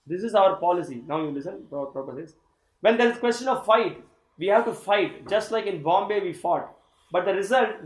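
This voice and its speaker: Guy with a high voice leading a scripture class, reads a line then explains it, echoey room. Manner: reads aloud and comments, with laughs. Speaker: course teacher.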